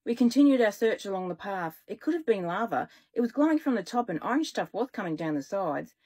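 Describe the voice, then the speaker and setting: A woman children's author reading aloud from her own stories, with lively, expressive storytelling. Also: mid-range voice, brisk, husky.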